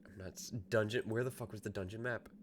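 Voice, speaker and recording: A man streaming a video game, chatting casually, excitable and swearing a lot as he jokes along. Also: on the low side, fast, a little hiss or hum. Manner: excitable, profane, joking. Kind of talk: casual gameplay chat.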